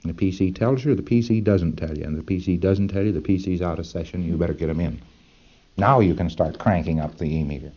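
Male lecturer, low and dark, folksy and emphatic with rhetorical asides, muffled old tape sound. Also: fast talker, breathy edge. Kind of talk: lecture to trainees.

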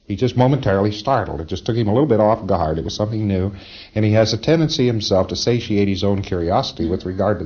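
A man's voice: on the low side, dark tone, slight background noise. Chuckling male lecturer on dull tape. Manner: conversational, emphatic, chuckles often. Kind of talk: informal training lecture.

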